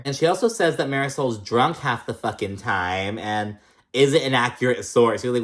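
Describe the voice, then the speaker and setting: A man's voice: mid-range voice, animated, moderate pace. A young adult man recapping a reality TV episode in casual chat, swearing freely, laughing often and acting out the cast's lines. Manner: profane, chatty, laughs often, acts out quotes.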